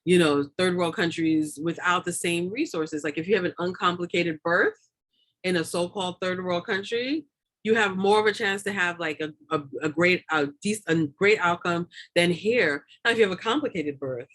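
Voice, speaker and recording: A woman's voice: on the low side, moderate pace, fairly bright tone. A woman doula talking as a guest in a casual interview, rambling with many fillers and repeated words, often laughing. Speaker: doula and lactation consultant, guest.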